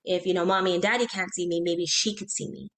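A woman in her thirties, a guest in an interview, telling a personal story in an earnest, halting way, with restarts and quoted speech. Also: lowish voice, steady tone, fairly bright tone.

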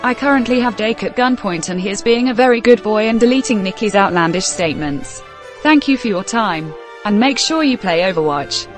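A woman giving a deadpan, mock-threatening recorded message. Music plays clearly behind her, and her pitch stays in the middle. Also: brisk.

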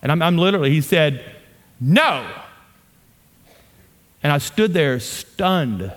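A man preaching a sermon and telling a story, moving between loud, animated bursts and hushed asides. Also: on the high side, moderate pace, long reverb tail. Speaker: pastor.

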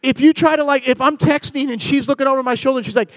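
On a dry recording, a man in his forties speaks very fast in a very high-pitched voice as a guest at a church service, telling animated, funny stories, acting out dialogue and joking with the live audience.

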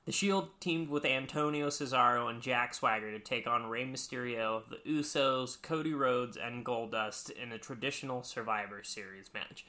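Male podcast co-host, bright and forceful tone, casual storyteller who swears freely. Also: mid-range voice, moderate pace, hardly any pauses. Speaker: podcast co-host explaining wrestling history. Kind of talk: casual chat.

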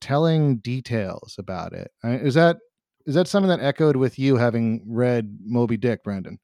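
A man's voice: mid-range voice, lively intonation, moderate pace, mellow, no room sound. Rambling casual man, dry close sound. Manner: rambling, lots of fillers and restarts. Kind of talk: casual movie discussion.

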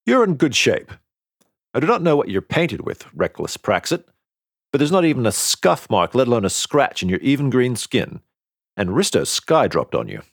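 A man's voice: mid-range voice, wildly swooping pitch, normal speed, husky, no echo, studio quality, voice pushed up, exaggerated voice. A man voicing an encouraging teenage boy mecha pilot in an audiobook. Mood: reassuring.

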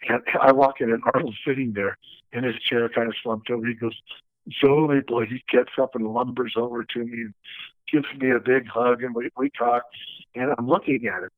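A man tells stories from his years as a stunt coordinator and acts out the lines of the people he quotes. His voice sits at a middle pitch and sounds dry and close. It comes through a narrow, tinny, phone-like line. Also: a little fast, no echo. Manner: animated storyteller acting out quoted dialogue. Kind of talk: storytelling interview.

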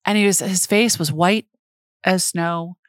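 A middle-aged woman tells a story in a quick, excitable rush of words, often breaking into laughter. Her voice sits somewhat low for a woman. The recording is close and dry, with no room sound. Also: dry recording. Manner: excitable, fast-talking; laughs often while telling stories. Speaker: podcast co-host. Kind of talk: storytelling in casual chat.

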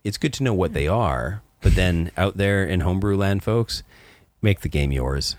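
A man's voice: low-pitched, expressive, moderate pace, a little mellow, dry recording. A man co-hosting a podcast in casual chat, rambling and restarting his sentences in a playful way. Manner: rambling, self-correcting, playful. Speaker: podcast co-host.

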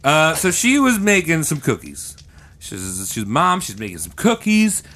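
Brief: male podcast co-host, bright, animated, rambling comic storyteller. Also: on the high side, a little slow, slight background noise. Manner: rambling, giggly, slangy. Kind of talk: improvised comedy storytelling.

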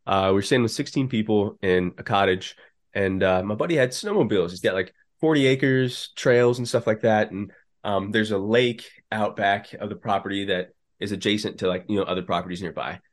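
A man's voice: on the low side, brisk. Laid-back man telling his story. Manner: relaxed, filler-heavy storytelling. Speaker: podcast guest, business co-founder. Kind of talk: casual storytelling interview.

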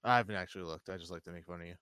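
A man's voice: deep voice, rapid-fire, pushed and bright, smooth, no room sound. A man steering a casual podcast chat, teasing his co-hosts in a dry way.

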